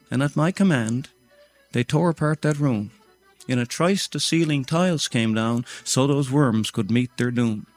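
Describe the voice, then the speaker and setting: Older storyteller, rhymed recitation, mid-range voice. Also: male voice, medium pitch, darkish tone. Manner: rhythmic, rhyming recitation. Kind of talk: recited rhyming tale.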